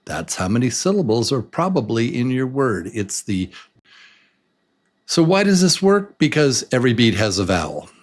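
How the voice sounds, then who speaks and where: A man teaching English to beginners, saying words slowly and breaking them into beats in an encouraging, patient way. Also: medium pitch, very animated. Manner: slow, drawn-out words broken into beats. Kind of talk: slow beginner lesson.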